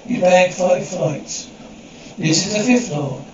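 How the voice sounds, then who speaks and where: An actor playing a chatty, flirtatious Parisian real estate agent. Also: male voice, high voice, expressive, slow. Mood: explaining. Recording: echoey, distant, dull audio with background noise.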